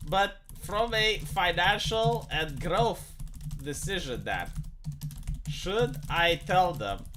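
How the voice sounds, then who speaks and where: Romanian guy streaming, high bright voice, laughs a lot and rambles. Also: sing-song, slow, a little hiss or hum. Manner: amused, rambling, lots of fillers and laughs. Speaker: live streamer. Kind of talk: casual live-stream reaction chat.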